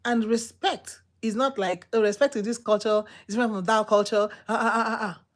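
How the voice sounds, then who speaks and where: A woman preaching a sermon in an emphatic, repetitive, exhorting manner, swinging between loud outbursts and low murmurs. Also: steady tone, brisk.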